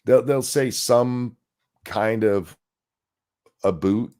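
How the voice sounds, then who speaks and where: A man's voice: medium pitch, extremely slow, warm tone. A man co-hosting a casual podcast, ranting in a crude, mocking, profane way. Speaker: podcast co-host.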